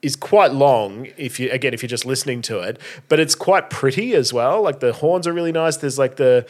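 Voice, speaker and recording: A man's voice: medium pitch, animated, a little fast. A man co-hosting a podcast, chatting casually about songs with many fillers and restarts. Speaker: podcast co-host. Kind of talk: casual chat reviewing songs.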